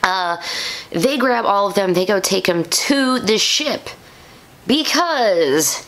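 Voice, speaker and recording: A woman chatting through an episode recap as a reviewer, animated and full of quick asides. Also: medium pitch. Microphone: condenser mic, home setup.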